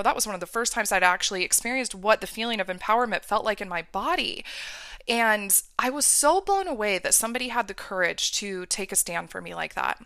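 Woman host, bright tense tone, emphatic and candid, close dry sound. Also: medium pitch, no echo. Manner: emphatic, candid, acts out remembered dialogue. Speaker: podcast host. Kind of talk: personal storytelling monologue.

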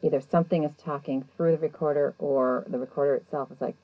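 A woman casually retelling events in a chatty, animated way, acting out what people said. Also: deep voice, quick pace, hardly any pauses, no echo, dull audio. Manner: chatty, animated, acts out quotes. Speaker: show recapper. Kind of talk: casual storytelling recap.

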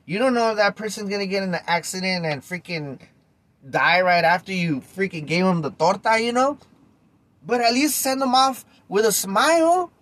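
A man with a fairly high speaking voice tells a story on his podcast. He talks right at his listeners in a casual, animated monologue and swears freely. His delivery is loose and conversational. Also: normal speed, no room sound. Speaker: podcast host.

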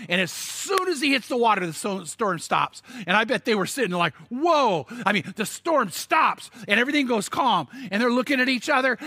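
A man preaching a sermon, telling the story in an animated way with stammered restarts and sudden emphatic bursts. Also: sits high, no echo. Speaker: pastor.

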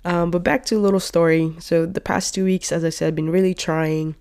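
A woman's voice: fairly low pitch, fairly even intonation, a little fast, darkish tone, smooth. A woman in her twenties hosting her own podcast in a casual, rambling way, still a little sick, filling her talk with "like" and "you know.". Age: 20s. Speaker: podcast host. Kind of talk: casual solo podcast chat. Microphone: podcast microphone.

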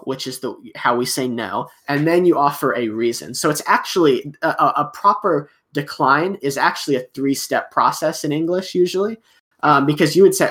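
A man's voice: fairly high pitch, moderate pace, fairly bright tone. American man explaining at easy length. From United States. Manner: explanatory, acts out little dialogues, many fillers. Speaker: podcast guest. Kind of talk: casual chat.

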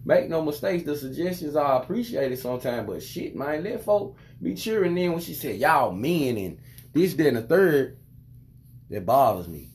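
A father telling a frustrating story to camera, venting in a loose, profane, animated way. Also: a little high, normal speed. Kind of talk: casual storytelling monologue.

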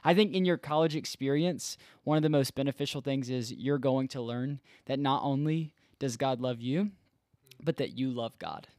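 A man's voice: mid-range voice, normal speed, darkish tone, no echo, clean studio sound. Earnest young man telling a faith story. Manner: earnest, conversational, reenacts dialogue. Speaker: former intern, campus ministry worker. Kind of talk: casual podcast chat, storytelling.

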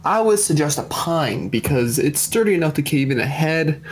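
Calm, practical male player. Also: fairly high pitch, moderate pace. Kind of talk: casual tabletop play.

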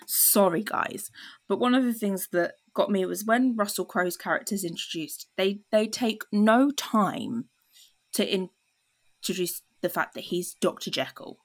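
Woman, host of a film chat podcast, mid-pitched voice, chatty, lots of fillers. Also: unhurried. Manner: chatty, many fillers, acts out quoted lines.

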